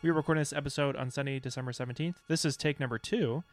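A man hosting a casual podcast, upbeat and quick to laugh, reading off lists of facts. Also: medium pitch, steady tone, loud music behind the voice. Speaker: podcast host. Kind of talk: casual chat.

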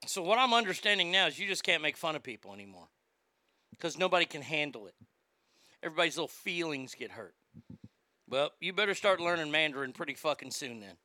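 A man's voice: fairly high pitch, very animated, a little fast, bright, forceful tone, no room sound. A man ranting in a sarcastic, indignant, profane commentary, recorded on a close mic. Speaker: social media commentator.

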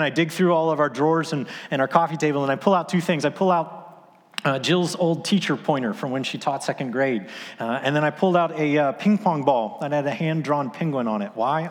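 A man's voice: fairly high pitch, long reverb tail. A man in his thirties preaching a sermon, telling a story in a casual, conversational way with filler words. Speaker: pastor.

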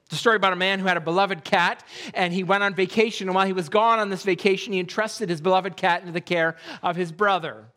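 Bright-voiced high male preacher. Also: quick pace, hardly any pauses. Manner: animated storytelling, voices jokes with rising pitch. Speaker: pastor. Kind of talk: sermon. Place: church sanctuary.

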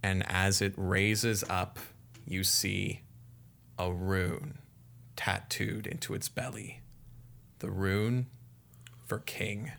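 A man running a tabletop game as game master, narrating scenes at an unhurried pace with casual fillers. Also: low-pitched, fairly even intonation, gravelly, fairly bright tone.

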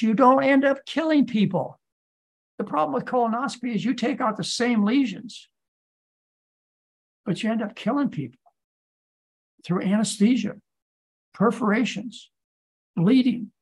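A man's voice: high-pitched, husky. A man who is a physician, giving lecture-style answers in a podcast Q&A and pressing his points with insistent rhetorical questions. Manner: emphatic, hammering rhetorical questions.

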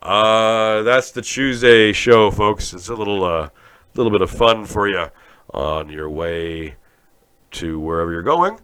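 A man's voice: on the low side, a little slow, a bit bright, clear, resonant tone, no room sound. A man from Canada hosting a podcast, rambling through a profane, sarcastic comic rant. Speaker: podcast host.

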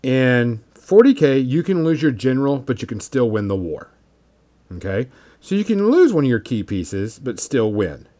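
A man's voice: mid-range voice, sing-song, normal speed, warm tone. A man co-hosting a casual chat about tabletop games, explaining with lots of fillers and restarts. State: has the hiccups. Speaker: podcast co-host.

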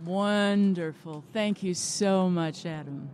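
A festival emcee speaking slowly and warmly, thanking the last teller and moving on to introduce the next. Faint ambient noise sits behind the voice. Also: mid-range voice. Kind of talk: stage introduction.

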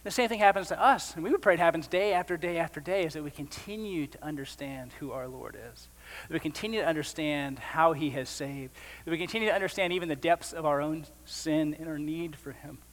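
A man's voice: on the high side, brisk, in a large hall. A male pastor preaching a sermon in a conversational way, with joking asides.

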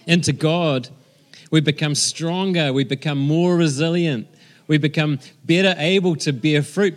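A man giving a sermon as pastor, conversational and enthusiastic, often restarting his phrases. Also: on the high side.

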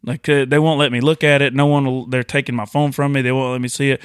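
A man's voice: mid-range voice, little pitch movement, fast, clean tone, no echo, clean studio sound. A man hosting a podcast, telling a playful story in casual chat and laughing often. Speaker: podcast host.

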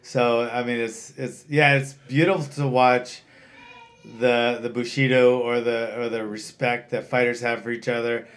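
A man's voice: medium pitch, flat delivery, unhurried. A man who runs a fight gym and coaches fighters, talking bluntly and swearing freely in casual chat.

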